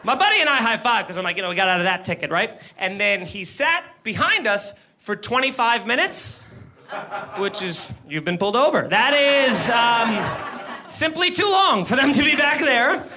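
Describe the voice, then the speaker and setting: A man performing stand-up comedy on a club stage, telling a story in an animated way and acting out the people in it. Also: extremely high pitch, a little hiss or hum. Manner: animated, acts out the cop and himself in quick impressions. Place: comedy club stage before a live audience.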